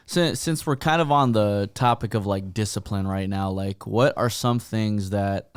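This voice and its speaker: A man's voice: on the low side, a little slow, smooth, no echo. A young man co-hosting a podcast, joking and laid-back, heavy on slang. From Filipino-American family. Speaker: podcast co-host. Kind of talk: casual chat.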